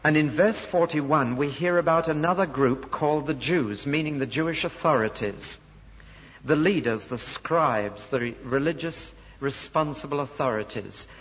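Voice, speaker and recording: A man with a slightly high, fairly bright and somewhat rough voice preaches a sermon at a moderate pace, explaining scripture and giving voice to the people he quotes. The recording is dull and made in a large, reverberant hall.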